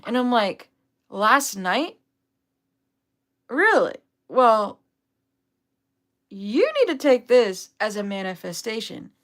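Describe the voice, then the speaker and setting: A woman's voice: fairly high pitch, sing-song, slow, long pauses. A young adult woman telling a rambling, upbeat story on a casual livestream, full of fillers. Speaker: vlogger, duck owner.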